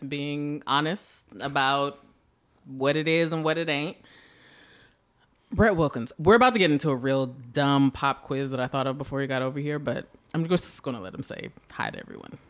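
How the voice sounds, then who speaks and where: A woman's voice: low-pitched, moderate pace. A woman hosting an interview, teasing and playful, with frequent laughter. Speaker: podcast host. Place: San Francisco.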